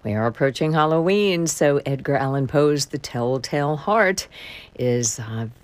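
A woman announcing station breaks and upcoming programs on public radio in a smooth, promotional read. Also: deep voice, animated, measured pace, no room sound. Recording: faint music bed underneath.

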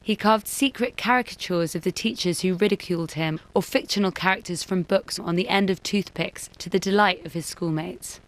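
A woman giving scripted documentary narration in a measured, even delivery. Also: on the low side, low-quality recording.

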